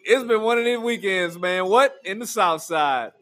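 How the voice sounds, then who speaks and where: Male host, high voice, animated comic storyteller, quick to laugh. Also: faint music behind. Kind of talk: casual comedic chat.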